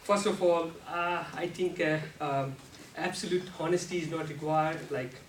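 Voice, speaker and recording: A man giving a prepared club speech on how to use the voice, speaking slowly and deliberately with non-native grammar, and now and then showing off sudden jumps in pitch and loudness. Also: steady tone. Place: meeting room. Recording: echoey room, speaker far from mic, faint noise.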